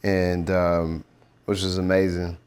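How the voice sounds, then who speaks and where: A young man from Nigeria, a musician, talking in a relaxed, reflective way in a casual interview. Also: deep voice, slow pace, smooth. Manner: relaxed, reflective, slips into rap flows.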